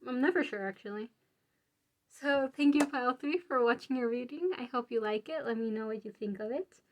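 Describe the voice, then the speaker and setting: A woman's voice: on the high side, brisk, a little hiss or hum. A young woman giving a casual tarot reading to her viewers, chatty and informal with many fillers. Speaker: tarot reader.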